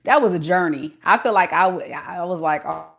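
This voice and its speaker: A woman's voice: lowish voice, brisk. A woman in her forties from Southern California with a light Southern twang, chatting casually with viewers and laughing often. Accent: Southern California with a light Mississippi twang. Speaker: tarot reader. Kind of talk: casual live-stream chat.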